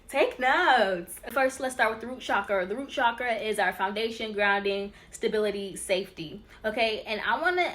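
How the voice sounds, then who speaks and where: A woman teaching spiritual ideas on her own channel in a casual, chatty way. She gets excitable and keeps talking straight to her viewers. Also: medium pitch. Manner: addresses viewers as y'all and you guys. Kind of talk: casual teaching talk over slides.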